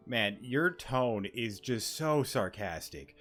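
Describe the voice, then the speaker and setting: A man's voice: medium pitch, expressive, slow, fairly bright tone, faint music behind. A man casually commenting while playing a game, joking and crude.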